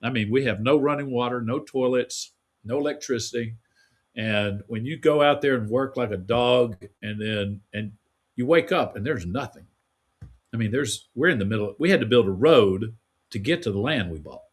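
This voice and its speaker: A man's voice: medium pitch, moderate pace, slightly rough. Rambling folksy man telling stories. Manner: rambling, folksy storytelling with restarts. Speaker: guest. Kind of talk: casual interview conversation.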